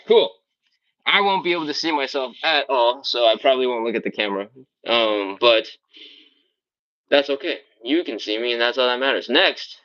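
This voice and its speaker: A man's voice: medium pitch, fairly bright tone, lo-fi sound. Upbeat man coaching a live stretch class. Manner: casual, upbeat coaching with frequent "all right?" checks; cues exercises while doing them on the floor. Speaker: fitness instructor.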